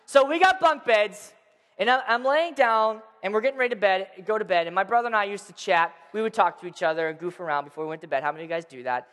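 A man in his thirties with a high voice, spinning a playful childhood story for a crowd and tossing questions at them. His voice rings through a large hall with a long, trailing reverb. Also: quick pace, a bit bright. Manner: playful, addresses the crowd directly. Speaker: storyteller speaking to an audience. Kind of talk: animated personal storytelling.

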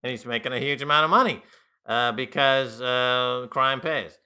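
A man's voice: mid-range voice, normal speed, bright, forceful tone, smooth. A man co-hosting a talk radio show, giving wry, sardonic commentary on the news in casual studio chat. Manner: wry, sardonic, mocks with put-on voices.

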